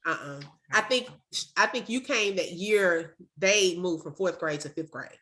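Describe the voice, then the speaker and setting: A woman's voice: fairly low pitch, lively intonation, measured pace, fairly bright tone. A woman, a former teacher hosting a casual video-call chat, speaks in an effusive, emotional way and keeps repeating herself for emphasis.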